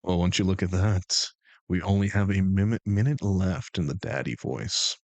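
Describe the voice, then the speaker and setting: A man's voice: low-pitched, moderate pace, darkish tone, no echo. A young man streaming and bantering with his chat, joking and sarcastic. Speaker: streamer and game master.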